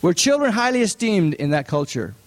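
A man preaching a sermon, putting questions to the congregation and stressing points with sharp rises in his voice. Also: sing-song, fairly quick. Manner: asks the congregation many questions, rises in pitch for emphasis. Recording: long hall reverb.

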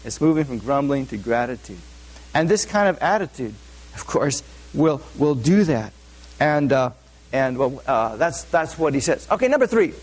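A man's voice: medium pitch, very animated, normal speed. A male pastor giving a conversational sermon, often asking the audience questions. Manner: asks the audience frequent questions; informal, with many fillers and restarts.

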